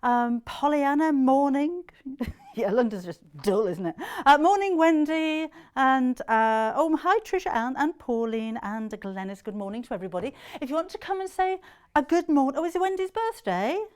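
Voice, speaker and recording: A woman's voice: high-pitched, expressive, normal speed, clean tone. Chatty British woman presenting live. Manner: chatty and bubbly, frequent laughs and ums. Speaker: shopping channel presenter. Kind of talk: live TV shopping chat. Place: TV studio.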